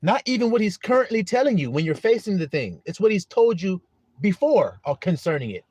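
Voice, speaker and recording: A man preaching informally on a live stream, animated and profane, breaking into shouts and acting out voices. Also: high-pitched, a little fast, slightly rough, no room sound. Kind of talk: informal street-style preaching.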